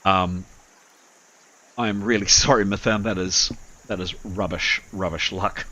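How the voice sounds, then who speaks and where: A man's voice: fairly low pitch, measured pace, pushed and bright. A man running a tabletop game as game master, narrating with many fillers and apologies.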